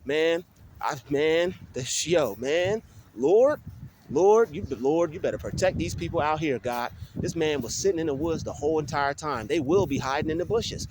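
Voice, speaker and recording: A young man vlogging on his phone while walking outdoors in a field, talking in an animated, ranting way with many restarts. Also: on the high side, normal speed, noisy background. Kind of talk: casual vlog monologue. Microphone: phone held while walking.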